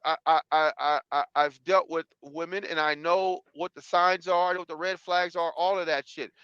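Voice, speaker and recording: A man in his fifties argues defensively in casual talk, swearing and circling back to the same words. His voice sits high and sounds sharp and bright. The stream audio is dull and lo-fi, but dry. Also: steady tone, normal speed, clear, resonant tone, no room sound. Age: 50s. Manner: defensive, profane, repeats himself. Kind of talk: heated casual conversation.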